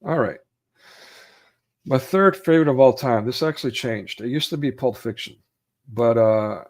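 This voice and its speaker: A man's voice: on the low side, darkish tone. A man in casual chat about his favorite movies. He rambles with fillers and acts out quotes in raised voices. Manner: rambling, with many fillers and restarts. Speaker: co-host of a film chat.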